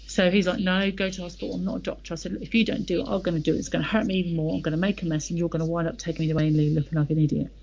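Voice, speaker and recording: A woman's voice: fairly low pitch, very fast, vocal fry, few pauses, low-quality recording. A woman telling a personal story as an interview guest, retelling conversations with frequent "I said, he said". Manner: lively retelling, quotes dialogue with many "I said, he said".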